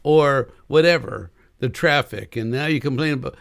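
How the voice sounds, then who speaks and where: A man's voice: mid-range voice, moderate pace, vocal fry, no room sound, clean studio sound. A man co-hosting a marriage podcast, coaching listeners in casual chat and acting out quoted lines with energy. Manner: animated, acts out quoted lines.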